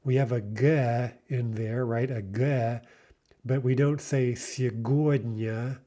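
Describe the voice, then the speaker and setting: A man teaching a recorded beginner language lesson, patiently explaining and repeating phrases slowly for learners. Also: mid-range voice, fairly even intonation, dark tone.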